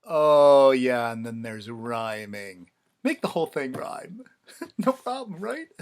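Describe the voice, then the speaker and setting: A man's voice: mid-range voice, sing-song, takes it slowly, clean tone. A man talking casually to the camera about writing lyrics, wry and sarcastic, with mock-dramatic repetitions. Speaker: songwriter vlogger. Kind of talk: casual self-filmed vlog talk.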